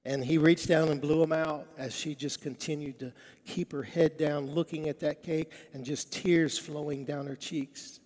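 A man's voice: a little high, moderate pace. A male preacher telling a story in a sermon, acting out each character's lines in a church sanctuary. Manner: animated storyteller quoting characters. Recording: long reverb of a large hall.

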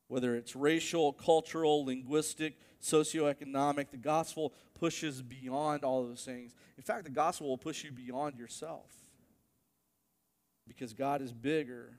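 A male pastor preaching a sermon, telling a story with animated build-ups to emphatic peaks. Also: medium pitch, big-room sound.

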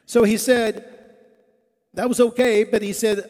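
A high-pitched male preacher tells a story during a sermon at a measured pace, animatedly acting out and quoting each character's lines. He's in a church sanctuary, and the recording carries the long reverb of a large hall.

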